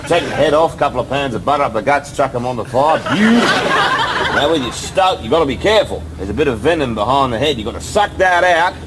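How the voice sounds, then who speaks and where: A man voicing a rough, boastful Australian backpacker who talks bluntly and crudely. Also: mid-range voice, lively intonation, fast, noisy background, natural voice. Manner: blunt, crude and matter-of-fact. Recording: live club set with loud audience.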